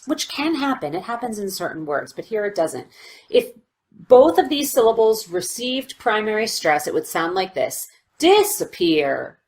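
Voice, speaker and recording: Clear-spoken woman teaching pronunciation. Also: a bit bright. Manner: clear, deliberate, demonstrates words with exaggerated pitch. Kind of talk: scripted pronunciation lesson. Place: video played within a student presentation.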